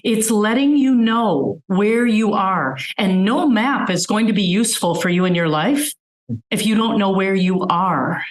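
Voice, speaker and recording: A woman's voice: medium pitch, unhurried, reverberant, rough recording. A woman physician giving a webinar talk, earnestly explaining with everyday examples over a video call. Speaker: physician guest speaker.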